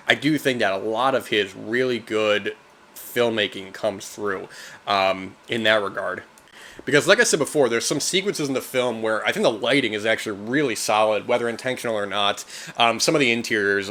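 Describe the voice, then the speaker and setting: A man hosting a film podcast, reviewing in a loose, rambling casual talk, often tossing in "man" and getting animated when he mimics reactions. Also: lowish voice.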